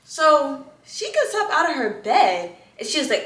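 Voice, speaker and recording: A young woman joining a casual storytime chat, lively, often laughing and cussing, in a shared bedroom. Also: sits high, a little slow, distant mic, a little hiss or hum. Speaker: co-host. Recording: roomy echoey room.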